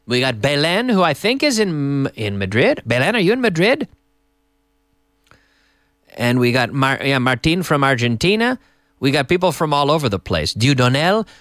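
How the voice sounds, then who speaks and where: A man's voice: mid-range voice, big pitch swings, moderate pace, fairly bright tone, no echo. A man hosting a live-stream English lesson, chatting casually and reading out viewer messages from a TV studio. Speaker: English teacher and host.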